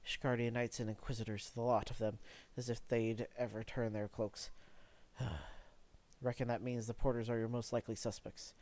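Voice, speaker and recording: A man playing a gruff, blunt dock foreman. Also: medium pitch, level tone, moderate pace, a little mellow, close to an everyday voice. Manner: blunt, folksy speech.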